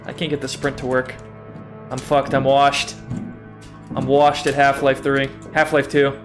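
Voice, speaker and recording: Music plays under a young male streamer whose mid-range voice is completely flat and measured in pace. He casually comments on a game during a livestream, chatty and self-mocking, swearing freely and laughing often.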